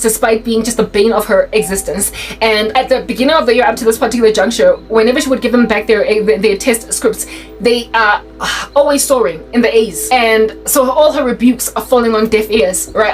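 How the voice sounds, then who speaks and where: A young South African woman telling a personal story in a casual, animated way, slipping in Sesotho phrases as she goes. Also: a little high, poor audio. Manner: animated, mixes in Sesotho phrases, restarts often.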